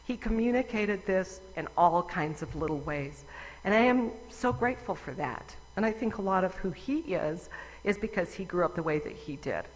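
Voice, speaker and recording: A woman's voice: mid-range voice, expressive, normal speed. A woman giving a conversational, wry personal talk to a conference audience. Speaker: conference speaker. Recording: long reverb of a large hall.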